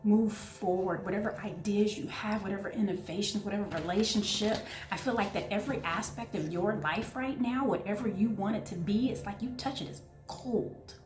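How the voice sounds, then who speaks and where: A woman giving an excitable, gushing tarot reading, talking straight to her viewers. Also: mid-range voice, moderate pace, hardly any pauses, reverberant, soft background music. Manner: excitable, gushing, breathless asides. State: out of breath. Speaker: tarot reader.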